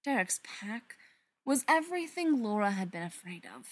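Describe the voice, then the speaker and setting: A woman narrating a story aloud in an expressive storytelling manner. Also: mid-range voice, moderate pace. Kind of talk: reading fan fiction aloud.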